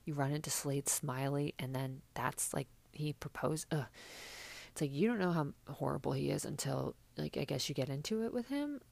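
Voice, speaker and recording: Chatty low-voiced woman with gravelly edge. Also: normal speed, darkish tone. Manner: chatty and sarcastic, many fillers. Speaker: podcast host recapping reality TV. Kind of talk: casual chat.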